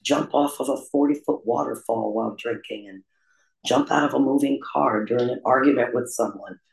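Gravelly man in an echoey room. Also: medium pitch, fairly quick. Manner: confessional, frequent "um" fillers, self-deprecating. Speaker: guest telling his life story. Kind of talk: candid personal recovery story. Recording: roomy echo.

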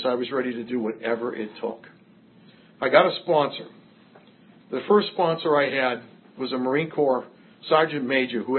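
A man's voice: mid-range voice, narrow, tinny audio. An older man from Massachusetts telling a personal recovery story to a group with wry, self-mocking humor. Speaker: recovery speaker.

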